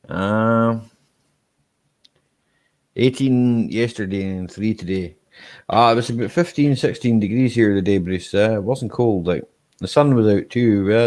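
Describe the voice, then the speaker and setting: A Scottish man hosting a casual live-stream chat, relaxed and chatty, laughing easily and tagging his sentences with "eh?". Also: fairly low pitch. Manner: relaxed and chatty, ends lines with "eh?".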